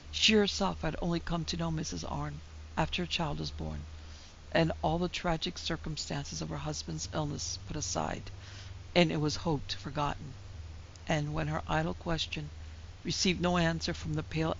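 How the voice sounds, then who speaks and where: A woman narrating a classic ghost story in a measured, steady storytelling voice. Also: deep voice, gravelly, slight background noise. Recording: dull lo-fi recording.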